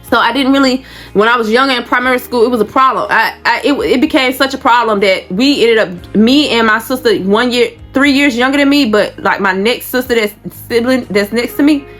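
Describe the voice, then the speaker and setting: A woman's voice: on the high side, a little fast, a bit bright, faint music behind. A woman from Georgia, telling her own story on a vlog in a blunt, profane, rambling way. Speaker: vlogger. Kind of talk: candid personal storytelling.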